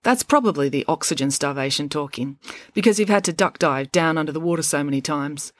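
A woman's voice: low voice, fairly quick, no echo, clean studio sound, natural voice. A woman reading the part of a clever, pedantic schoolgirl who speaks in a precise, literal, matter-of-fact way. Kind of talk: audiobook character voice.

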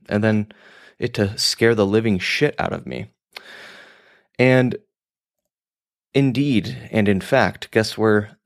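A man hosting a podcast, talking in a rambling, casual monologue with some swearing, often laughing at himself. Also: on the low side. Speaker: podcast host.

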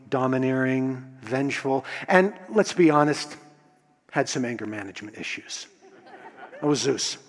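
A man telling a myth aloud, expressive with lively emphasis and frequent restarts. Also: on the high side. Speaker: storyteller. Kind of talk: oral storytelling of myth. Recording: long hall reverb.

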